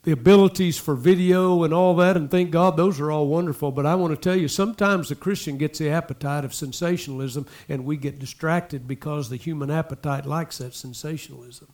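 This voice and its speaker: A man preaching a sermon, talking to the congregation in asides and repeating lines as he builds to loud exhortation. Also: on the high side, steady tone, a little fast, hardly any pauses. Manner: impassioned, repetitive preaching that swells to loud exhortation. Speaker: pastor.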